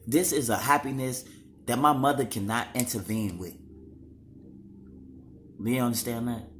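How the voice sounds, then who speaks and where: A man's voice: medium pitch, fairly even intonation, normal speed, a little hiss or hum. A young man talking straight to the camera in a raw, emotional monologue, slangy and full of swearing.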